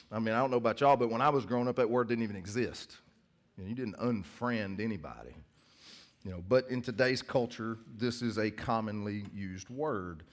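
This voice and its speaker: A middle-aged man preaching a sermon in church as the pastor, telling jokes and stories in a casual, chatty way. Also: mid-range voice. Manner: casual, joking storyteller.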